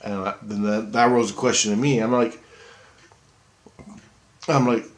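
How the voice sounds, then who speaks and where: Profane, rambling man with a low voice. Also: steady tone. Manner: profane and halting, with many restarts. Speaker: vlogger. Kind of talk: rambling personal storytelling.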